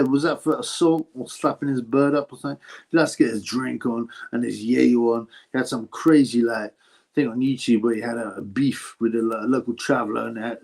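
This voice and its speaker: A man's voice: mid-range voice, darkish tone. A man with a British accent hosting a live stream, reading out viewer questions and answering them in a blunt, crude, casual way. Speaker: livestream host answering chat. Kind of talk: casual live-chat commentary.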